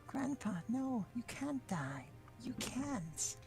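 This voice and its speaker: A woman voicing a grieving young granddaughter who pleads in a breathy, half-whispered voice. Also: on the high side, very animated, slow, darkish tone, soft background music, heavily acted. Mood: pleading.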